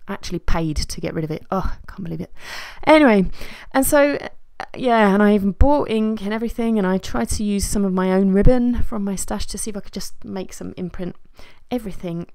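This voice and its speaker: A woman's voice: mid-range voice, brisk, vocal fry, hardly any pauses, dry recording. Chatty woman narrating her craft. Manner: chatty and self-deprecating, with soft laughs and trailing fillers. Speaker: scrapbooking vlogger. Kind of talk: casual voice-over narration of a craft process.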